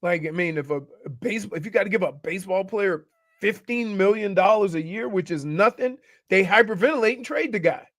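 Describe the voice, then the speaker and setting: A man's voice: sits high, expressive, brisk, a bit bright, dry recording, clean studio sound. A man co-hosting a sports radio show, cracking jokes and restarting his sentences. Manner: wisecracking, stumbling restarts. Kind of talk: casual sports radio chat.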